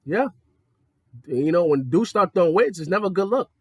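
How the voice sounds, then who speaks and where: A young adult man telling profane stories in a casual monologue, jumping between high excited tones and low mocking ones. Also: moderate pace, slightly rough, no echo, clean studio sound. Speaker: podcast host.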